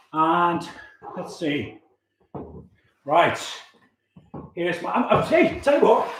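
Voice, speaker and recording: A man's voice: high voice, fairly bright tone, echoey room, a little hiss or hum. A man, a youth worker chatting casually and cheerfully on a livestream, laughing often. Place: room at home.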